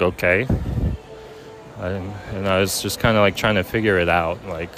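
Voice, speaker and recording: A young man telling a personal story casually, halting with many fillers. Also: on the low side, low-quality recording. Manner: halting, many ums and likes. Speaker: vlogger.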